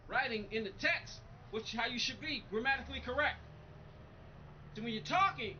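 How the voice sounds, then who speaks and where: This man's voice sits high and comes through dull audio with background noise. He's live-streaming a racing game and reading viewer comments, chatting loosely, irritated and rambling, and he often repeats himself.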